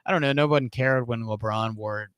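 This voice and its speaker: A man's voice: medium pitch, normal speed, a bit bright, clean tone, dry recording, studio quality. Casual male radio co-host. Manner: casual, hedging with 'like'. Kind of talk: sports talk radio banter.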